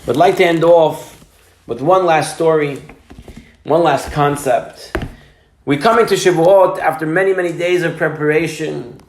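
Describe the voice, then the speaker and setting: A man's voice: a little high, moderate pace, slight background noise. A man preaching as a rabbi, emphatic, telling a story and mixing in Hebrew and Yiddish terms. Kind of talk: sermon with storytelling. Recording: roomy echo.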